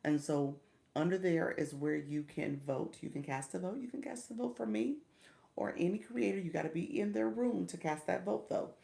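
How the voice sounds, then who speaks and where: Low, gravelly woman hosting a livestream. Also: steady tone, normal speed, warm tone. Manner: chatty, greets viewers by name, stumbles over pronunciations; encouraging, coaching tone with repeated "okay?". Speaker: livestream host and coach. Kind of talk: casual livestream chat.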